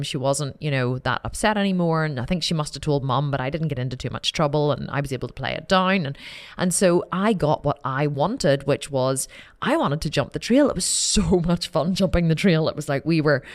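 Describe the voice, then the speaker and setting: A woman hosting a podcast, telling a personal story in a candid, animated way, repeating phrases and swearing casually. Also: sits low, brisk. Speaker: podcast host.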